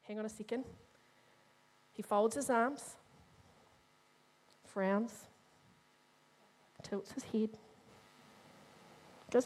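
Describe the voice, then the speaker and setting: A middle-aged woman preaching a sermon, animated and humorous, speaking straight to the congregation. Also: fairly high pitch, very slow, pauses often.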